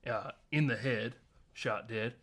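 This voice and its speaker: A man in his thirties hosting a casual film podcast, retelling scenes in an animated way with frequent laughter and casual swearing. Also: medium pitch, takes it slowly. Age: 30s. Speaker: podcast host. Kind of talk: casual film recap chat.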